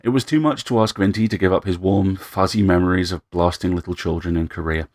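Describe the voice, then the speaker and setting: A man narrating a story in a measured, dry storytelling manner. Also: sits low, a little mellow, no echo.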